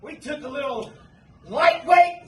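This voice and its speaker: A man's voice: very high voice, unhurried, a bit bright. A man, a pro wrestler cutting a cocky, taunting promo. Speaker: pro wrestler, tag team champion. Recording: roomy arena mic from a distance.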